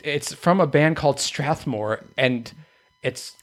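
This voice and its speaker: A man hosting a podcast who introduces music clips in relaxed, chatty talk, often using likes and ums. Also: fairly high pitch, takes it slowly, a little hiss or hum. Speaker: podcast host. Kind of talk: casual chat presenting music clips.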